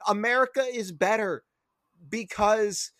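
A man's voice: unhurried, a bit bright, no room sound, clean studio sound. A man co-hosting a podcast in casual chat, swearing a lot and getting exasperated, his voice jumping up when worked up. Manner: profane, exasperated, jumps up in pitch when worked up. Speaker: podcast co-host.

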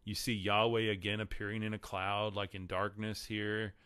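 Texan guy doing a live stream, bright clear voice, dry close sound. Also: fairly low pitch, little pitch movement, moderate pace, no room sound. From Texas. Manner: casual, reads viewer comments and answers them. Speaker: podcast host. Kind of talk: live-stream chat and Bible discussion.

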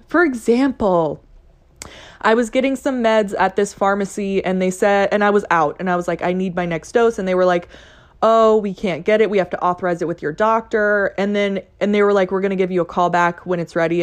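A young adult woman hosting her own podcast, talking casually and playfully, cussing and acting out excited voices. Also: medium pitch. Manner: chatty, profane, playful, mimics excited voices. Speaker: podcast host. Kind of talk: casual solo podcast talk.

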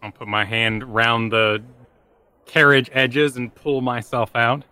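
A man playing a tabletop game in character, calm and matter-of-fact. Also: mid-range voice, slow, clean tone, dry recording. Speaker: player.

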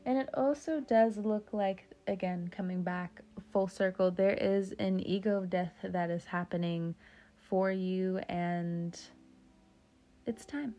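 A woman's voice: on the low side, steady tone, unhurried, warm tone, faint music behind. A young woman giving a casual tarot reading, joking around, swearing freely and drifting off on tangents. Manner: joking, profane, talks off on tangents. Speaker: tarot reader.

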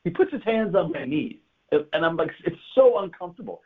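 A man's voice: on the high side, brisk, slightly rough. A man telling a wild story in a casual chat, laughing often and swearing freely. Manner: animated, laughing, profane storytelling. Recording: tinny phone-like line.

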